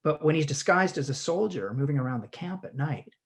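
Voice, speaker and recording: Man talking haltingly with many restarts. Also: fairly high pitch, lively intonation. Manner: halting, frequent restarts and repeated words. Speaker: guest actor. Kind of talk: conversational teaching chat.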